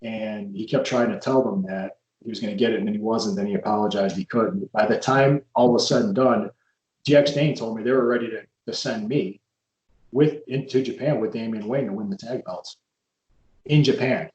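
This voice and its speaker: A man's voice: lowish voice, moderate pace, a little mellow, roomy sound, poor audio. A man, a wrestler, talking through his career in a frank, reflective podcast chat. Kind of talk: casual storytelling chat.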